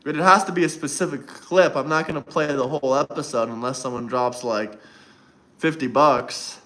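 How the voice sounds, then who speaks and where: A man hosts a casual livestream, mockingly teasing and taunting viewers as he chats with them. His voice is medium-pitched, pushed and bright, at a normal speed.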